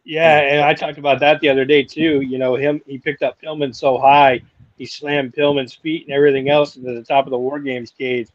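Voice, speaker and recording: A man's voice: medium pitch, level tone, a little fast, no echo, highs cut off. A man in his forties co-hosting a casual wrestling talk show, rambling with lots of fillers. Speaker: podcast co-host.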